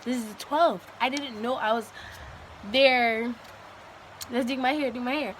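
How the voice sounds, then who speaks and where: A woman's voice: fairly high pitch, fairly even intonation, measured pace, heavy background noise. A young woman, chatting playfully and joking through a hair tutorial. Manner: playful, jokey, laughs often. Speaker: vlogger. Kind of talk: casual hair tutorial chat.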